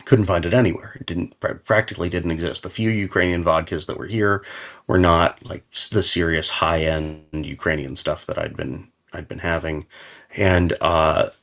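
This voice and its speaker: An American man with a notably deep voice tells his story as a podcast guest. He speaks conversationally and animatedly, full of "um"s and self-corrections, and often breaks into chuckles. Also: moderate pace, gravelly. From United States. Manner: animated anecdotal storytelling with frequent fillers, restarts and chuckles. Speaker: podcast guest, company founder.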